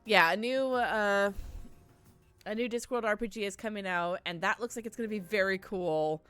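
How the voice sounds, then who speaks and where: A woman's voice: mid-range voice, normal speed, fairly bright tone, clean tone, no echo, faint music behind. A woman streaming a game live, chatting in a rambling, heartfelt way and greeting viewers effusively. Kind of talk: casual live-stream chat.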